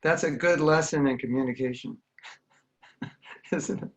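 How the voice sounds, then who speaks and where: A man's voice: on the high side, measured pace, poor audio. An American man giving an earnest, conversational spiritual talk over a video call, acting out the voices he quotes. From United States. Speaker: spiritual teacher. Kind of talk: online talk with questions.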